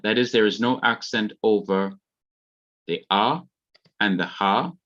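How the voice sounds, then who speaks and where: A man's voice: medium pitch, lo-fi sound. A man with a Jamaican accent, carefully explaining grammar rules in an online revision lesson. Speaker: Hebrew teacher.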